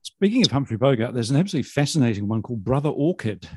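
A man interviewing an author, asking measured and curious questions. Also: medium pitch, big pitch swings, warm tone, slightly rough, dry recording, studio quality.

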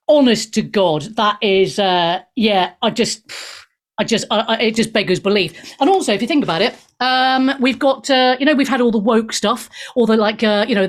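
A woman hosting a radio talk show, sarcastic and irreverent, swearing and laughing as she mocks the news. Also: mid-range voice. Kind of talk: irreverent opinionated radio chat.

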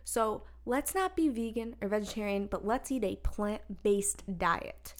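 A woman co-hosting a podcast, chatting casually and telling stories in an animated way. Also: mid-range voice, unhurried. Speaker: podcast co-host. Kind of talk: casual chat.

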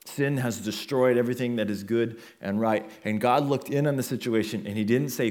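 A man's voice: medium pitch, fairly quick, hardly any pauses, a little mellow. A man preaching a sermon as a pastor, earnest and building intensity through repeated phrases.

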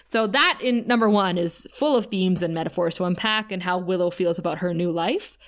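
A woman's voice: lowish voice, a little fast. Chatty woman recapping a TV episode. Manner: chatty and animated, laughs often. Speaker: podcast co-host. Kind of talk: casual chat recapping a TV episode.

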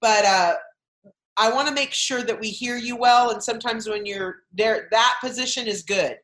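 A woman's voice: on the high side, normal speed, a bit bright. Rambling woman host on a video call. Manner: rambling run-on sentences. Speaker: podcast host. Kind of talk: casual chat over video call. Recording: roomy video call audio.

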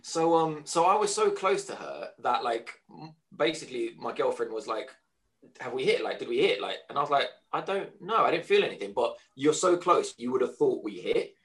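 A man on a casual podcast, telling an animated anecdote at speed, stumbling over restarts. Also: medium pitch, moderate pace. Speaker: podcast co-host. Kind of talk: casual storytelling chat.

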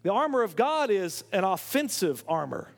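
A man's voice: high-pitched, big pitch swings, normal speed, vocal fry, in a large hall. A man preaching a sermon, telling stories with emphatic stammered restarts. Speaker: pastor.

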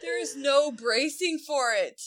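A woman in her thirties chatting on a podcast, an animated storyteller who laughs through her punchlines. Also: high-pitched, unhurried, slight background noise. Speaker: co-host telling family stories. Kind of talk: casual podcast chat.

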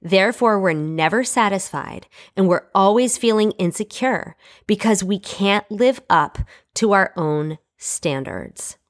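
A woman's voice: mid-range voice, animated, measured pace. A young adult woman teaching from the Bible in a casual, earnest, conversational way, with frequent fillers.

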